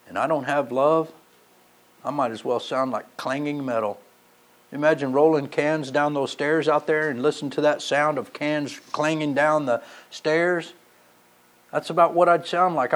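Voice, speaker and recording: Male preacher, pitch a touch above average, sermon delivery with emphatic swells and hushed drops. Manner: storytelling, rising to emphatic passages then dropping quiet.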